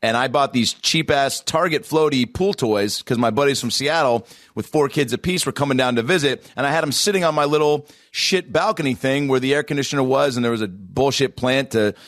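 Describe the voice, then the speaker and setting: A man co-hosting a podcast, telling profane, animated anecdotes in casual chat. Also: mid-range voice, brisk, few pauses, no echo, clean studio sound. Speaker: podcast co-host.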